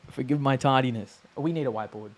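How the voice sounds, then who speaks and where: On a live stream, a man with a medium-pitched voice teaches a language in a casual, chatty way. He repeats sounds slowly to show how they're made.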